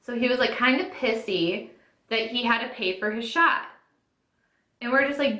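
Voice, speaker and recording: A woman in her twenties, a beauty vlogger, sits at her makeup setup in a room at home and tells a casual story, the recording echoey. Her voice sits on the high side, a bit bright, with fairly even intonation and a moderate pace; she's chatty, says "like" constantly and acts out what people said.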